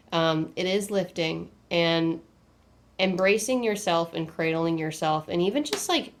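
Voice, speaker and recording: A young woman giving a spiritual angel card reading, rambling and often breaking off to restart her sentences. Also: on the low side. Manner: rambling, self-interrupting, with many fillers and restarts.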